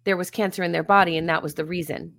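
A woman's voice: on the low side, steady tone, fast, creaky, fairly bright tone, no echo, clean studio sound. A woman guest talking about grief support in an earnest, reflective way, laughing now and then. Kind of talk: reflective conversational interview.

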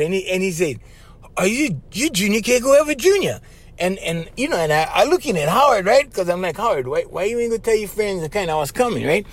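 Animated Hawaiian Pidgin man, lively pitch. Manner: animated, laughs often, says bro constantly. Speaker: podcast host. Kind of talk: casual storytelling monologue.

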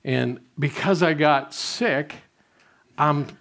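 An older man preaches in an easy, conversational way. He tells his stories directly to the congregation. His voice falls soft and low whenever he quotes his own prayers. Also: slow pace. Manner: conversational storytelling, drops softly when quoting prayers. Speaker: pastor. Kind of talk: sermon.

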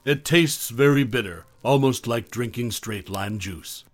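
Man, horror story narrator, mid-pitched voice, dry close mic, measured delivery, soft trailing phrase ends. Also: no echo.

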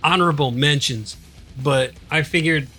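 A man's voice: on the high side, normal speed, pushed and bright, soft background music. A middle-aged man co-hosting a podcast in casual chat, laid-back and dismissive, laughing often. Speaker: podcast co-host.

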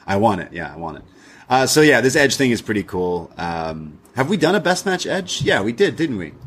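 A man's voice: medium pitch, big pitch swings, normal speed, a bit bright, husky. Man, podcast co-host, casual chat, frequent laughter, playful. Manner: laughs often, acts out quoted lines in dialogue. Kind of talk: casual chat recapping a wrestling show.

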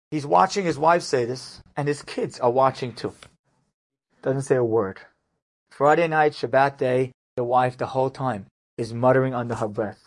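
A male rabbi telling an inspirational story in a lively, conversational way. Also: mid-range voice, moderate pace.

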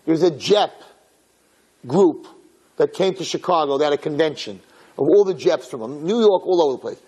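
A man telling a religious story in a dramatic, animated way, acting out the characters. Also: a little high, normal speed, husky. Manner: lively, dramatic, acts out characters.

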